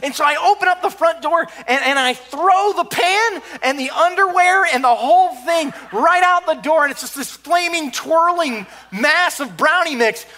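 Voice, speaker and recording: A man with a high voice tells a comedic story from his own life. His tone is bright and forceful. He talks in an animated, excitable rush and often trips over his words and starts again. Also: normal speed, hardly any pauses. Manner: animated, excitable, many restarts.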